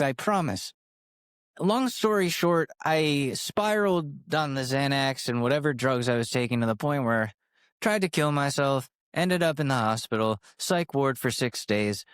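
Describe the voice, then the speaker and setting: A man's voice: mid-range voice, lively intonation, moderate pace, clear, resonant tone, dry recording, studio quality. A young man in his twenties hosting a podcast, telling a personal story in a rambling, profane, self-mocking way that keeps drifting off on tangents. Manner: jumps from sidetrack to sidetrack. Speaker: podcast host. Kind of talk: candid storytelling rant.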